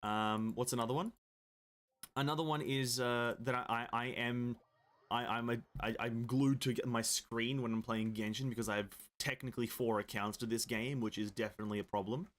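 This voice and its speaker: A man's voice: mid-range voice, steady tone, moderate pace. A young man, rambling and joking in casual live-stream chat as he plays a game and answers his chat.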